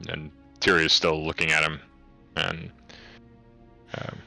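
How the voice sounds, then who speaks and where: Low-voiced guy gm'ing a tabletop game, slow and halting, lots of restarts, bright edge to his voice. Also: little pitch movement, gravelly, faint music behind. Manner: halting, with many fillers and restarts. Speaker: game master.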